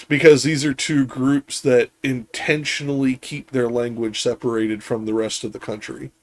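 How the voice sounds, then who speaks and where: A man hosting a casual discussion, talking bluntly with swearing and restarts. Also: mid-range voice.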